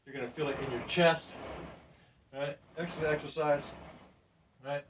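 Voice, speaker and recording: An older man casually demonstrating a weight workout, loose and chatty, laughing often and breathing deeply between sets. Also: fairly even intonation, moderate pace, far from the mic, background noise. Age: 60s. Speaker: fitness presenter. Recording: voice from off the mic.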